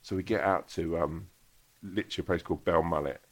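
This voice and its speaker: A man's voice: low voice, fast talker. A man, an actor and comedian, telling a casual anecdote with lots of swearing. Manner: animated storyteller, swears a lot.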